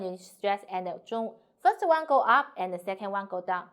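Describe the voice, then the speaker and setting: A woman teaching a Mandarin lesson, patiently explaining and modelling sentence pitch aloud. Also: lively intonation, brisk, hardly any pauses, a bit bright. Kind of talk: online language lesson.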